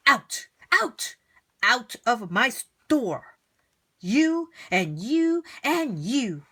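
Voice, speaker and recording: A woman acts out a pompous store manager in a storybook, furious and blustering. He barks his orders loudly and slowly, dragging out every word. The voice stays in a lively, swinging range. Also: a little high, husky, full character voice. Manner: loud, slow, blustering commands.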